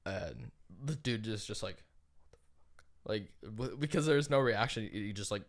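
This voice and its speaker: A man's voice: on the low side, lively intonation, normal speed. A man co-hosting a podcast in casual chat, telling a long story full of "like" fillers and casual swearing. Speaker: podcast co-host.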